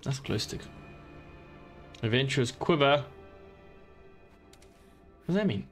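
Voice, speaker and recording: A man's voice: mid-range voice, animated, slow, soft background music. A man streaming a game, chatting casually in a joking, rambling way and swearing often. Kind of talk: casual gameplay commentary.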